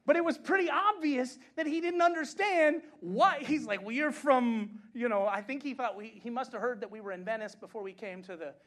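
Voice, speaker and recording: A male pastor from the United States preaching a sermon, swinging between impassioned shouting and chatty, laughing storytelling. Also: very high voice, brisk, hardly any pauses. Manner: chatty anecdote-telling with frequent laughs.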